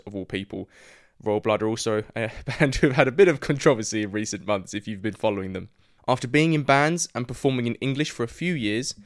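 Male podcast host, friendly and chatty, mid pitch, dry close sound. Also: clean tone, no echo. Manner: friendly, chatty, says "mate". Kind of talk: scripted podcast intro and interview.

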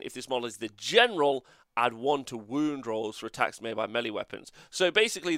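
Bright-voiced rambling man. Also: medium pitch, no room sound, clean studio sound. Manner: rambling, joking, swears casually. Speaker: host. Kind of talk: casual livestream review.

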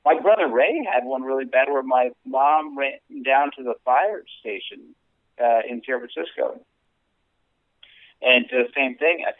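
A man's voice: medium pitch, unhurried, no echo. A man co-hosting a casual podcast chat from out of town, joking and acting out panicky parents. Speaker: podcast co-host. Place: remote call from out of town. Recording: tinny phone-line call.

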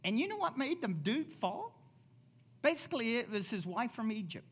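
A man preaching in a loose, conversational way, his voice leaping up high and then dropping to quiet low asides. He repeats key phrases for emphasis and drifts into chatty stories between points. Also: normal speed, slightly rough. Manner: animated, repeats phrases, swings between loud and soft. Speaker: pastor. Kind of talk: conversational sermon.

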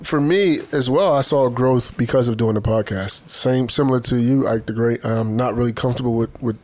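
A man's voice: medium pitch, fairly quick, darkish tone. A man co-hosting a podcast, speaking reflectively and appreciatively, with jokes in between, in casual group chat. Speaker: podcast co-host.

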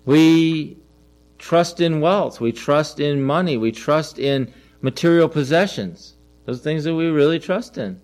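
A man's voice: fairly high pitch, unhurried, darkish tone. A middle-aged man preaching a conversational sermon as a pastor, asking the listeners questions and repeating his phrases.

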